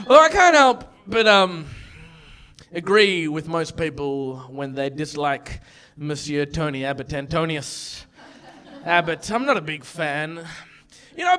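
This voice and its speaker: Man, stand-up comic, very high voice, lively swoops. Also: moderate pace. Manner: loud, excitable, theatrical outbursts. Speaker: stand-up comedian and compere. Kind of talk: stand-up comedy.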